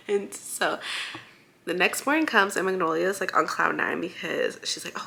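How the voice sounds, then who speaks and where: A young woman vlogger casually recapping a book series, chatty and giggly, full of excited asides and many fillers. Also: fairly low pitch, unhurried, vocal fry.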